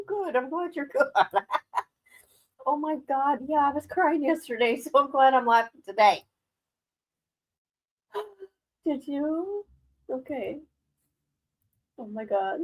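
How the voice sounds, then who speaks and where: A woman's voice: high voice, lively intonation, takes it slowly, long pauses, rough recording. A middle-aged woman chatting casually on a live stream as a commentator, rambling and emotional, often breaking into exclamations.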